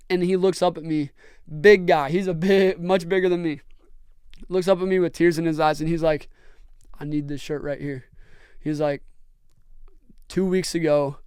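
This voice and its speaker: A man's voice: fairly high pitch, a little mellow, clear, resonant tone, dry recording, studio quality. A young man, earnestly telling rambling stories as a podcast host. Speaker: podcast host and brand owner. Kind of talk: casual storytelling chat.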